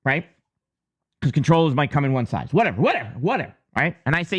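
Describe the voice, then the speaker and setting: A man's voice: on the high side, big pitch swings, fast. A man from the United States hosting his channel, casually explaining something with on-screen drawings, joking and checking in with "okay?" as he goes. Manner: joking, chatty, lots of restarts and "okay?" check-ins. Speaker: channel host.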